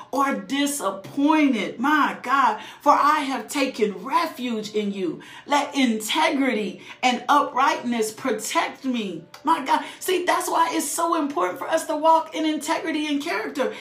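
Woman preacher, fervent devotional, high voice, bit of room echo. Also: fairly bright tone. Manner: fervent, reads scripture and breaks into exhortation and prayer. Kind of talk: preaching devotional reading with prayer.

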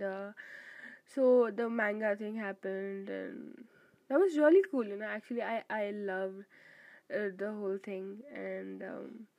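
A young woman telling a rambling, animated story to her viewers in casual chat, gushing with emphatic bursts. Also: on the high side, no room sound, low-quality recording. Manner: rambling with fillers and self-corrections. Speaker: vlogger.

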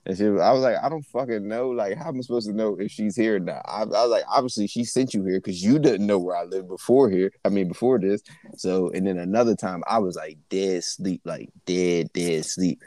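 A young man co-hosting a podcast, telling stories in relaxed slang-heavy casual chat. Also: sits low, a little fast, dry recording. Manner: laid-back storytelling with slang and frequent laughter. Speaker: podcast co-host.

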